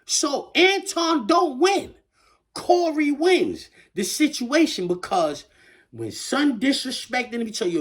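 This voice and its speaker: A man's voice: high voice, sing-song, moderate pace, a bit bright, breathy edge. A man giving a casual commentary rant in slangy street talk, full of stammered restarts. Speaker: online commentator.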